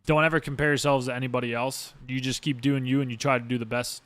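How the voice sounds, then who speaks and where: A man's voice: mid-range voice, level tone, fast talker, a bit bright. A man hosting a casual podcast monologue as a streamer, rambling and emphatic with lots of swearing. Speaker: streamer host.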